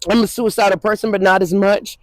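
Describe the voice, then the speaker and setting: A woman's voice: medium pitch, steady tone, a little fast, no room sound, rough recording. A woman from the Twin Cities in Minnesota, a guest in an interview, recounting a personal story in a loose, repetitive, conversational way. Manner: repetitive, conversational storytelling full of "you know what I'm saying". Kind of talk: emotional personal testimony.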